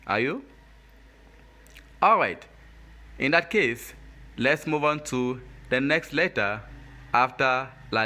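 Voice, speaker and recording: A male teacher who speaks very slowly and deliberately, leaving space for the listener to repeat after him. His tone is bright and forward. He is patient and says each example word twice. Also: medium pitch. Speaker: French teacher. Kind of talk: slow, deliberate language lesson.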